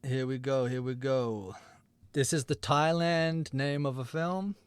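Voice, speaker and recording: A man's voice: medium pitch, fairly even intonation, unhurried, smooth, no echo. Dry-voiced man hosting a quiz podcast. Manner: playful, reads clues and synopses aloud. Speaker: podcast host reading movie quiz. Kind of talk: casual banter podcast.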